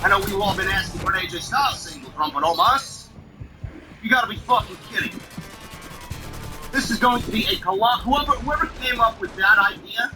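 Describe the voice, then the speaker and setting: A high-voiced man talks a little fast, ranting sarcastically about wrestling and cursing a lot out of exasperation. It's a low-quality recording, with his voice off-mic and music in the background.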